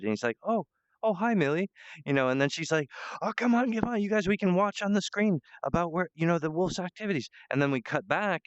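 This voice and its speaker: Young man, rambling amateur pitch, smooth voice, halting with fillers, slightly dull dry recording. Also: fairly bright tone, no room sound. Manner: rambling, halting, full of fillers, jumps into high acted-out quotes. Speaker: amateur pitching a cartoon episode idea. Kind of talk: rambling excited pitch monologue.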